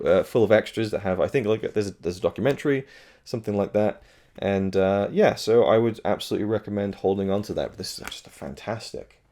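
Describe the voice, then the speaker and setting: A man's voice: low-pitched, a little mellow. A man giving a frank, chatty spoken review of a film release as the host of his own channel. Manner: frank and chatty, with fillers and blunt remarks.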